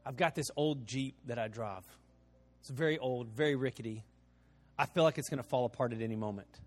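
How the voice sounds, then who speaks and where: A man's voice: mid-range voice, faint music behind. A middle-aged man preaching a sermon, telling stories with many restarts and repeated words. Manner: alternates lively story passages with quiet, slow appeals. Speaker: pastor.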